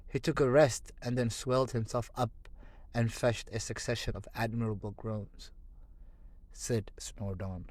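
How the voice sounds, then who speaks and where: A man narrating a classic novel as an audiobook, with measured storytelling and dramatic pauses. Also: medium pitch, dry recording. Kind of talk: scripted narration.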